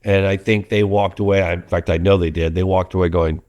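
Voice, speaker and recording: With a low voice, a slightly fast pace, and few pauses, a middle-aged documentary filmmaker tells stories in a casual interview. He is animated, restarts often, and acts out quotes.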